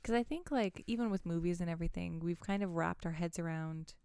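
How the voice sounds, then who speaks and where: A woman in relaxed, casual conversation who agrees easily and builds on ideas. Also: fairly low pitch, a little fast, clear, resonant tone, dry recording. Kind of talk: casual chat.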